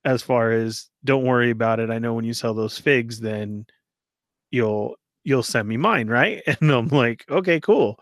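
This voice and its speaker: A man with a medium-pitched voice tells a long story casually at a measured pace, animated and laughing often as he acts out people's voices. The recording is dry and studio-clean.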